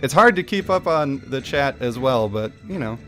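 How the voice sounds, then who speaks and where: Playful male streamer, lively voice. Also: medium pitch, normal speed, faint music behind. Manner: playful, self-mocking, laughs often. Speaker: game streamer. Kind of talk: live reading of a game story.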